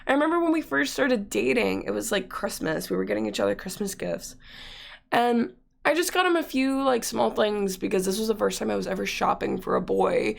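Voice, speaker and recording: A woman's voice: mid-range voice, brisk, creaky. A young woman hosting a podcast, telling a story in casual chat, swearing freely and acting out quotes. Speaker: podcast host.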